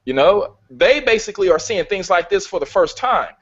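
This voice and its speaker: A man's voice: sits high, lively intonation, normal speed, breathy edge, muffled recording. A man debating a film in casual talk, emphatic and heavy on swearing. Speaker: film reviewer.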